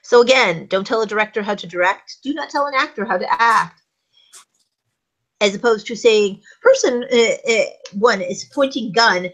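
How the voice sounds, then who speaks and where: A woman's voice: fairly high pitch, normal speed, a bit bright, rough recording. A woman co-hosting a casual talk show, explaining at length and acting out short script examples. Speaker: co-host.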